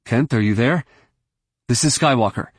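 A man voicing a calm middle-aged leader in a science fiction audiobook, steady and measured. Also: mid-range voice, husky, dry recording, clean studio sound, natural voice. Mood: urgent.

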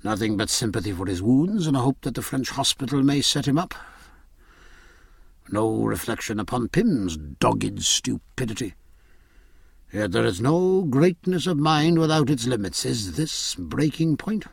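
A man voicing a quiet, reflective ship's doctor who speaks softly and deliberately. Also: mid-range voice, animated, vocal fry, slightly rough, dry recording, studio quality, exaggerated voice. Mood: musing. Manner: soft, musing, measured.

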